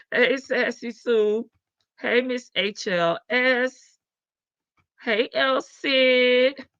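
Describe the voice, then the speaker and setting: A woman with a Southern American accent chats and gossips folksily with livestream viewers, laughing and addressing them as "child" and "baby." Her voice is fairly high, pushed, and bright, heard through dull, dry, lo-fi stream audio.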